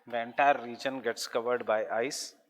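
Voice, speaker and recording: A man with an Indian English accent teaching a geography class, dictating notes slowly, repeating phrases and spelling out terms letter by letter. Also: medium pitch, fairly even intonation, long reverb tail. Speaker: geography lecturer.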